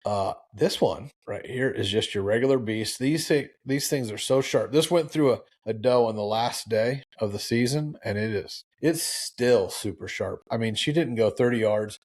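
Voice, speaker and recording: Man in his forties, fired-up host, preachy, quotes people in mock voices, mid-pitched. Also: moderate pace, hardly any pauses. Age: 40s. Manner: preachy, animated, lots of restarts and acted-out quotes. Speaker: show host. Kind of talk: fired-up live talk show.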